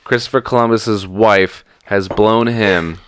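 A young man playing a tabletop game, joking crudely and deadpan. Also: fairly low pitch, measured pace, a little hiss or hum. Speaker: tabletop player. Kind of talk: casual role-play banter.

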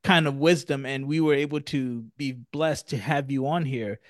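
A man hosting a podcast, supportive and quick to affirm his guest. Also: mid-range voice, steady tone, no room sound, clean studio sound. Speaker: podcast host. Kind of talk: podcast interview.

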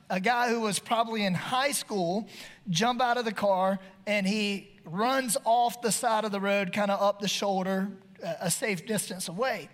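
A man telling a funny personal story to an audience in a folksy, animated way, acting out his own shouts. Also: high-pitched. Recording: long reverb of a hall.

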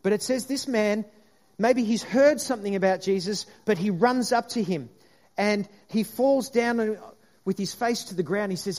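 A man's voice: high-pitched, moderate pace, a little mellow. A man preaching a sermon in an earnest way, with frequent restarts and the aside "if you like".

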